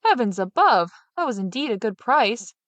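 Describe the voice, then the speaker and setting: A woman's voice: fairly high pitch, very animated, moderate pace, no echo, dull audio. A woman voicing a greedy, vengeful male farmer who speaks bluntly and grumbles. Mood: grudging.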